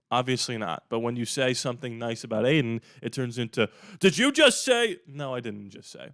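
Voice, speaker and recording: A man's voice: medium pitch, clear, resonant tone, no room sound, studio quality. A man hosting his own sports channel, giving casual, emphatic opinion commentary in a conversational way. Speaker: YouTube sports channel host.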